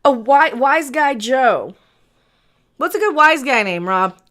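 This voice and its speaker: High, lively woman chatting on a stream. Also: slow. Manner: giggly, scattered, thinking aloud. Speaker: livestream co-host. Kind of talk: casual livestream chat.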